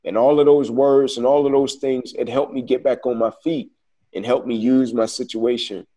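A man's voice: medium pitch, level tone, normal speed, dark tone. A man telling his story as an interview guest, earnest and reflective, often saying "man" and "like".

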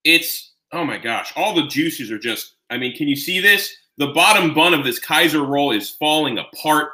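A man with a very bright, forceful voice, pitched a little high, hosting a live cooking stream. He rambles to his viewers and gushes with excitement while eating. The sound is roomy and echoing. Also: moderate pace. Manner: chatty, rambling, talks to viewers and chat; gushing with excitement while tasting. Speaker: home cook streaming live.

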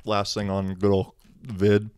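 A man's voice: lowish voice, monotone, unhurried, darkish tone, slight background noise. A young man hosting a casual solo podcast, rambling and sarcastic, swearing freely. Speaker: podcast host.

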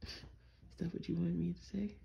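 A woman playing a gravelly teasing vampire boyfriend. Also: lowish voice, little pitch movement, normal speed, highs cut off. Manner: teasing, playful, drawling slang. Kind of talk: listener role-play audio.

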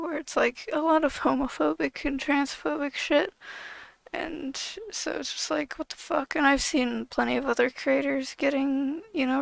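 High, very gravelly woman ranting. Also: dry recording, low-quality recording. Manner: exasperated, heavy swearing, many fillers. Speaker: YouTuber. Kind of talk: casual vlog rant.

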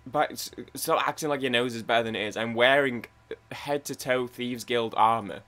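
A man's voice: mid-range voice, normal speed, sharp tone. Rambling young man playing a game. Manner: rambling, chatty, talking to himself. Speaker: gaming channel host. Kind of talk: gameplay commentary.

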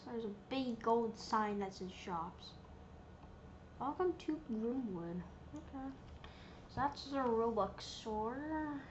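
A woman's voice: fairly high pitch, muffled recording, slight background noise. A woman giving casual, playful commentary while she plays a video game, giggling and reading menu options aloud. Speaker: gameplay streamer.

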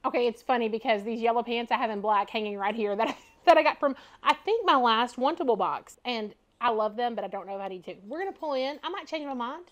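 A woman's voice: a little high, animated, fast talker, hardly any pauses. A woman chatting casually at home while she unboxes and tries on clothes. She talks in a loose, chatty way, laughs often and fills her speech with "like" and "y'all". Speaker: fashion vlogger.

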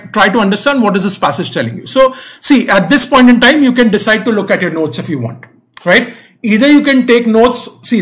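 Young man, high voice, online exam-prep lecture, patient and repetitive, checks understanding often. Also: fairly bright tone. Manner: patient, repetitive explaining with frequent "right?" and "okay?" checks. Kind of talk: online lecture explaining a reading passage.

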